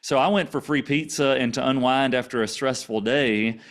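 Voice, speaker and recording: A man with a Louisiana country accent and a touch of Texas twang speaks at a middle pitch. His voice is smooth and resonant, and he tells his story as an interview guest in a loose, rambling way, often pausing on "uh". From Louisiana, USA. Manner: relaxed, rambling with frequent "uh" fillers. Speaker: guest, author and coach.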